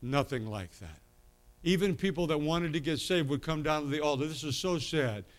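Preacher with a higher voice, animated storytelling. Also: male voice, moderate pace. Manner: animated storytelling that swings from quiet asides to loud emphatic bursts. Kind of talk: sermon, personal testimony.

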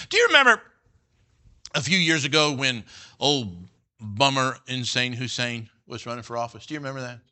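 A man's voice: mid-range voice, pushed and bright. A middle-aged man preaching a sermon as pastor, folksy and joking, often checking in with "all right?" and "you know".

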